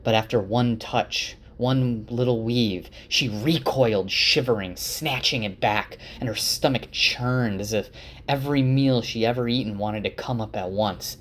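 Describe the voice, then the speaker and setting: A man's voice: mid-range voice, measured pace, a bit bright. A man giving a casual spoken summary of a fantasy novel, conversational, with restarts and fillers. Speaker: storyteller.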